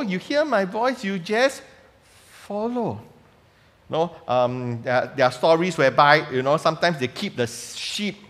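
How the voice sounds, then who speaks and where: A man's voice: a little high, a bit bright. A man preaching a conversational sermon in church, asking many rhetorical questions. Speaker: pastor. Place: church sanctuary. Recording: long reverb of a church hall.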